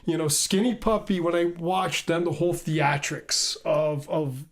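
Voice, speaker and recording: A middle-aged man, a guest pianist, telling stories in a casual interview, animated and laughing, often repeating his words. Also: fairly high pitch, a little slow.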